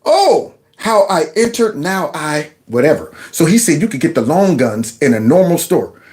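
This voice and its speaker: A man's voice: a little high, big pitch swings, moderate pace, a little mellow. A man giving casual, mocking commentary on a video clip. He talks sarcastically and addresses his viewers as y'all.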